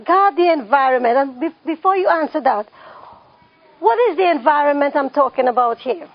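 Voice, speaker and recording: Woman instructor, high and gravelly voice, repeats key points, dull lo-fi recording. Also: normal speed. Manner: repeats key phrases, emphatic. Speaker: parenting class instructor. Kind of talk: classroom teaching with questions to the audience.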